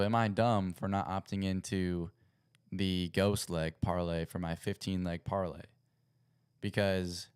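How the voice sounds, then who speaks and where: Young male host with a low, resonant voice, chatty and self-correcting on a home livestream. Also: clear, resonant tone, no room sound, studio quality. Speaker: podcast host. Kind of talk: casual livestream chat. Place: home setup at a computer.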